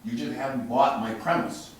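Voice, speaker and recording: A man directing an actor in rehearsal, blunt and swearing, dropping low then pushing hard, recorded from across an echoey studio theatre. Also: fairly even intonation, moderate pace, a little hiss or hum. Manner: blunt, swearing, swings from quiet to loud pushing. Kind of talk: rehearsal coaching. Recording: echoey room from far off.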